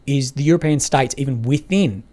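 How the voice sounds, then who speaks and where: A man hosting a podcast, speaking in a measured, analytical way with hesitant restarts. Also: medium pitch, warm tone. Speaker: podcast host. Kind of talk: conversational interview.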